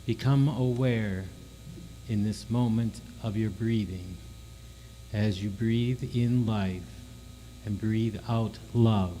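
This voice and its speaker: A man leading a church congregation in a slow, calm guided meditation before prayer. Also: fairly low pitch, a little hiss or hum, rough recording. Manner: slow, calm, soothing delivery. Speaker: worship leader.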